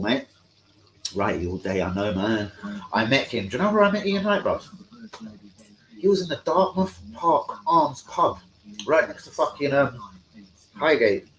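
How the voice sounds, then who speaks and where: A man hosts a live stream and chats about football, rambling and swearing a lot. He gets excitable, and his voice sits at an ordinary middle pitch. A faint hum of noise runs behind him. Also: rough recording.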